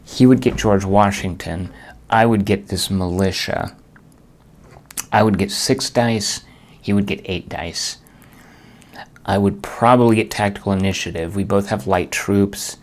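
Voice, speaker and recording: A man's voice: lowish voice, unhurried, pauses often. A man playing a board game solo and thinking aloud as he works through each turn, muttering and groaning at bad rolls.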